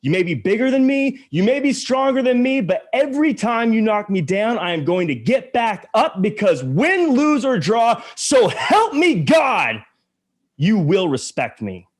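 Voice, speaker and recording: A man playing a fed-up young wrestling interviewer in a defiant promo, building to a shout. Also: sits high, sing-song, moderate pace.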